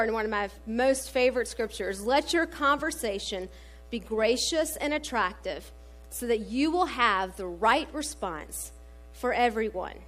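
A middle-aged woman preaching a sermon, mixing scripture readings with family stories and frequent "um" fillers. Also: fairly high pitch. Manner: warm storytelling with scripture quotes, many fillers.

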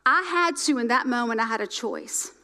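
A middle-aged woman preacher delivering a sermon, emphatic and repetitive, swinging between loud lines and hushed ones. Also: a little high, animated, moderate pace.

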